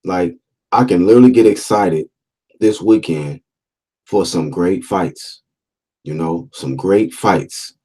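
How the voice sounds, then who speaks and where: A man's voice: low-pitched, slow, long pauses, warm tone, husky. A man hosting a casual boxing livestream, talking loosely with slang, repeating himself and reading out viewer comments. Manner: talkative, repeats phrases, reads out chat comments; fillers and restarts, laid-back slang.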